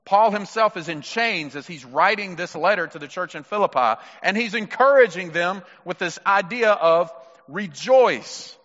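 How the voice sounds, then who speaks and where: A man's voice: sits high, a bit bright. A man preaching an emphatic sermon to mothers, speaking directly to the congregation. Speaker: pastor. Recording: muffled sound with long hall reverb.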